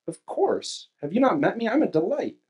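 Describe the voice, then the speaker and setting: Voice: medium pitch, sing-song, moderate pace, a little mellow, slightly rough. A preacher mocking a smug self-satisfied churchgoer. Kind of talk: sermon illustration.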